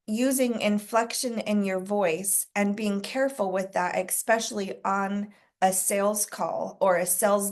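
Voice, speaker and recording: Woman coaching a sales group. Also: mid-range voice. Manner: conversational, asks the group questions, clears throat often. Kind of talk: casual group coaching talk.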